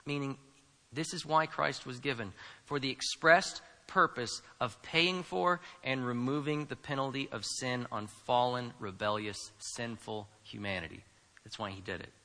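A man preaching a sermon as a pastor, swinging between quiet asides and loud, emphatic lines. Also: mid-range voice, measured pace. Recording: preached in a room with long reverb.

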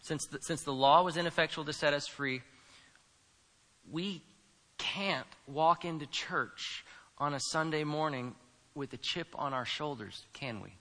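A man preaching a sermon as a pastor, swinging between quiet asides and loud, emphatic lines. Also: a little high, measured pace. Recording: preached in a room with long reverb.

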